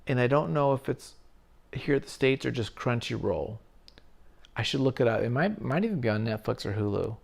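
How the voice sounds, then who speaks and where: A man with a gravelly, creaky voice rambles loosely through a story, tossing in casual swears along the way. His delivery is a relaxed late-night chat as host of his own channel. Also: medium pitch, normal speed. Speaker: video essay host.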